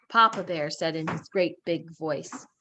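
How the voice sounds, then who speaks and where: A woman teacher reading a story aloud in a lesson, expressive and asking questions. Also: lowish voice, takes it slowly, slight background noise.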